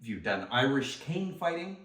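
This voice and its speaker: A man's voice: mid-range voice, very animated, normal speed, fairly bright tone. Man teaching self-defense in a roomy space. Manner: enthusiastic, talks while demonstrating moves. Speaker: self-defense instructor and host. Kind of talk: casual instructional demonstration. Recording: roomy echo, mic some distance away.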